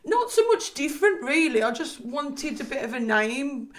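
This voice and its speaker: A woman's voice: sits high, very animated, moderate pace. A woman with a Scouse accent, a personal trainer chatting as a podcast guest, talking freely with lots of fillers and frequent laughs. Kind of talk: casual podcast chat.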